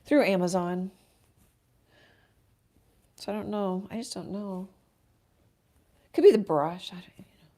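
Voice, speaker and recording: A woman artist chatting casually and quietly while painting on a livestream. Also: unhurried, long pauses. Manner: soft, low-key, talking while working.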